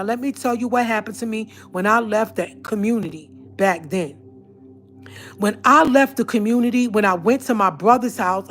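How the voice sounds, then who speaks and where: A woman telling a personal story to her viewers, speaking in an earnest, emphatic way. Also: on the high side. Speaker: vlogger.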